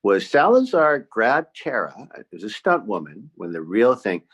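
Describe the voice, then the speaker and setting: A middle-aged man who is a guest on a podcast, in casual, playful chat, chiming in with quick agreement and jokes. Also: lowish voice, very animated, a bit bright, husky.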